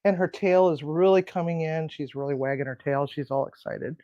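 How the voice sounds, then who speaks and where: A woman's voice: low-pitched, a little fast, mellow, no echo, muffled recording. Chatty woman cooing at her pets. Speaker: home cooking show host. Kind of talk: casual cooking and pet chat.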